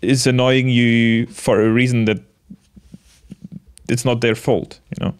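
A man in his late twenties talking to the camera in a casual, reflective monologue, gentle and halting, with many restarts and soft laughs. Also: mid-range voice, flat delivery, clean tone. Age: late 20s. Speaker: vlogger.

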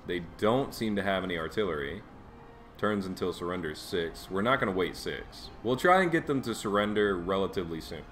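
A man casually commenting as he plays a strategy game, reacting with sudden high exclamations. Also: lively intonation, fairly quick, a bit bright. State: has the hiccups. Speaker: gameplay streamer. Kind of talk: casual let's play commentary.

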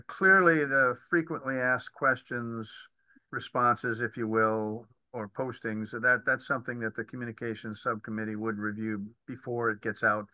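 A man with a sharply bright, tense voice asks questions as a committee member on a video call. He speaks haltingly, searching for words, and his sound is dry and close with no room echo. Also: medium pitch, clean tone. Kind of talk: remote committee meeting discussion.

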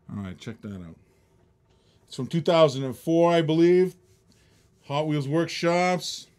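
A man's voice: a little high, a little mellow. A man hosting a live online auction, chatty and laughing often, calling bids like a boxing match. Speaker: live stream auction host.

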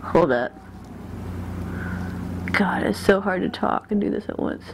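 A woman's voice: mid-range voice, expressive, unhurried, vocal fry, noisy background. A woman chatting casually through a self-filmed lash tutorial, stopping herself mid-sentence and laughing at her own slips while she works. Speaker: beauty vlogger. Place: indoors at a mirror.

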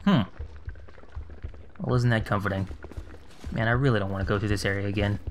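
A man's voice: on the low side, fairly even intonation, fairly quick, a little hiss or hum. A man casually commenting on his own gameplay, sarcastic and muttering to himself as he plays. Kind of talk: casual let's-play commentary.

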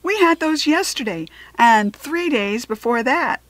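A woman's voice: high-pitched, lively intonation, unhurried, fairly bright tone, no room sound, pitched above the performer's own voice. Brief: a woman playing a grumpy, complaining schoolboy in a children's storybook, slightly raised voice, dry close sound. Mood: grumbling. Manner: complaining, whiny. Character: grumbling fifth grade boy.

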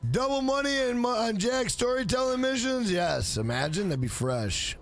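A man's voice: extremely high pitch, lively intonation, moderate pace, creaky, faint music behind. A man around forty, streaming a game live, hyping up and thanking his chat in a casual, profane way. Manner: hyped, profane, reads out viewer names.

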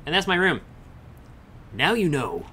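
A man's voice: fairly high pitch, very animated, unhurried, pushed and bright, slight background noise. A young man chatting casually with viewers on a game livestream, swearing freely and answering chat. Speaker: game streamer. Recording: faint music behind the voice.

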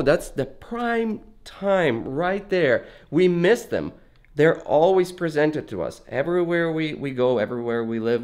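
Male vlogger, mid-pitched, earnest, meandering delivery, talking on the move. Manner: rambling, earnest, conversational; talking while walking around. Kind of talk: casual reflective monologue.

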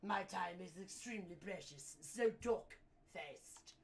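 A woman's voice: fairly low pitch, lively intonation, a little slow, creaky, far from the mic, pitched below the performer's own voice. Woman putting on a posh, scornful businessman. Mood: haughty scolding. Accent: posh British, put on. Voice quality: haughty, clipped, commanding. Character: pompous posh old businessman, impatient, scornful.

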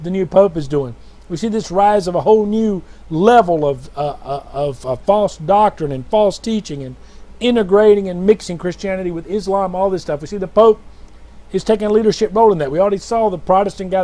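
High and mellow, this self-styled preacher and prophet delivers a late-night dream testimony recorded on his own. His preaching is rambling, repetitive and fervent, punctuated by calls to "brothers and sisters."

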